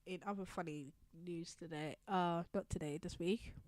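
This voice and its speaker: A woman co-hosting a podcast, chatting in a relaxed way with frequent fillers. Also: lowish voice, moderate pace, no echo. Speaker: podcast co-host. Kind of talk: casual chat.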